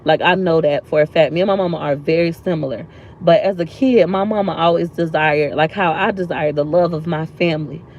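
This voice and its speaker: A woman's voice: on the low side, darkish tone, lo-fi sound, a little hiss or hum. A woman vlogger sitting in a park outdoors, talking earnestly and from the heart, repeating lines for emphasis. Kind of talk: emotional motivational vlog talk.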